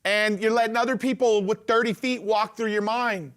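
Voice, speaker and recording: Give me a male event host, high-pitched and enthusiastic. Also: steady tone, normal speed, fairly bright tone. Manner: enthusiastic, encouraging. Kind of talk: live event hosting.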